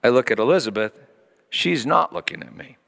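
A middle-aged man preaching a sermon as pastor, telling a story with lively acted-out voices and sudden hushed drops. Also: medium pitch, a little fast, vocal fry, a little hiss or hum. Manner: animated storytelling, acting out voices, dropping to hushed tones. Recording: long hall reverb.

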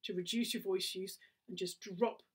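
A woman's voice: mid-range voice, steady tone, moderate pace, slightly rough, far from the mic. A woman with a southern English accent, a singing teacher giving a casual spoken lesson, chatty and prone to little laughing asides. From England.

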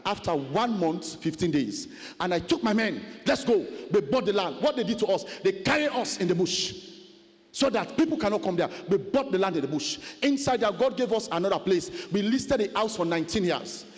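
A man preaching a fiery sermon testimony, chanting and shouting repeated refrains. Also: high-pitched, animated, a little fast. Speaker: pastor. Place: large conference hall. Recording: long hall reverb.

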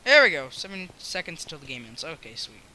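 A young American man rambling and joking through his own Minecraft let's play, yelling in fights. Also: fairly high pitch, very animated, brisk. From United States. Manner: rambling, self-mocking, yells during fights. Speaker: gaming YouTuber.

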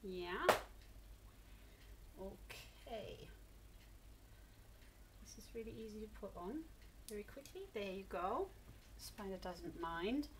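A woman's voice: medium pitch, animated, slow, long pauses, heavy background noise. A woman from England coaxing her cat into posing for photos, cooing and encouraging it along. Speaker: pet owner filming her cat. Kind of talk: coaxing talk to a pet.

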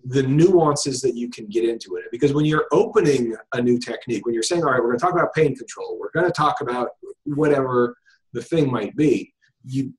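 A man's voice: medium pitch, rough recording. A man who teaches hypnosis, talking casually as an interview guest with lots of fillers and restarts. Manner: casual, thinks aloud with frequent fillers and restarts. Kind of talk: conversational interview. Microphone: video call.

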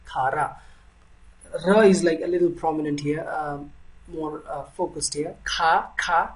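A man with an Indian accent giving a Hindi language lesson, repeating each word slowly and drawing out its syllables. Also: a little high, far from the mic, rough recording. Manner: slow, repeats words with drawn-out syllables. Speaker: Hindi teacher.

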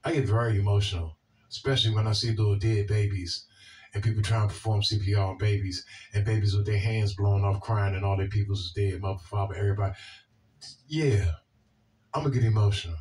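A man's voice: on the low side, fairly even intonation, a little fast, a little mellow, distant mic, slight background noise. Man, Washington D.C. accent, blunt and profane, repeats himself, voice set a little back from the mic. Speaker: video host. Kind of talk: reacting to viewer comments.

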